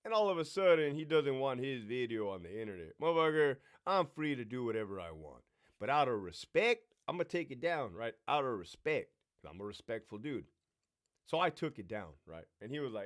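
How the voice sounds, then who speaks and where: Man, middle-aged, brash, profane, animated storyteller, lively pitch. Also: fairly quick. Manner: brash, swearing, animated storyteller mimicking others. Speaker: livestream host.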